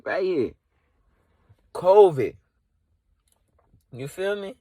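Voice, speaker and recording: A man's voice: high voice, very animated, very slow, dark tone, husky, no echo. Rambling man improvising comedy in a car. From Dallas area. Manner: rambling, loaded with "you know" and "like". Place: inside a car.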